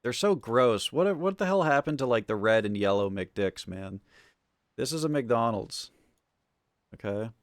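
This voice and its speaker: A man's voice: on the low side, normal speed, few pauses, no echo, clean studio sound. A man chatting casually on a live stream, rambling and swearing as he rants. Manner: rambling, profane and ranting.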